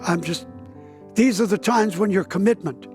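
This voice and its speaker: Older guy, pastor in his 70s, high voice, telling his story really vividly, faint music behind. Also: moderate pace, a little mellow. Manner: vivid storyteller, acts out quoted dialogue with a raised voice. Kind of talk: interview testimony, telling a story.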